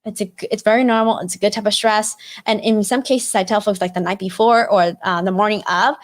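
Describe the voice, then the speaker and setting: Here a woman hosts a live video-call career webinar at a brisk clip, her medium-pitched voice fairly even. The tone is casual and instructive, loaded with fillers such as "like" and "you know" and plenty of "right?" tag questions.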